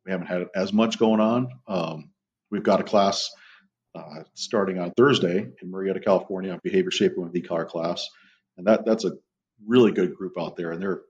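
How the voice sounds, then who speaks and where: A middle-aged man with a low voice rambles through a story in relaxed podcast chat, dropping the odd curse along the way. The recording sounds muffled and lo-fi, with a dull top end. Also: brisk. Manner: rambling storyteller, casual profanity. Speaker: guest, police dog trainer. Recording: muffled lo-fi audio.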